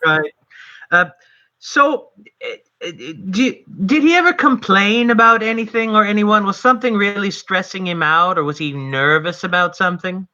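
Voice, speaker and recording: A man playing a tabletop role-playing game, talking in a lively, earnest and jokey way. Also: sits high, normal speed, dull audio. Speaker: player.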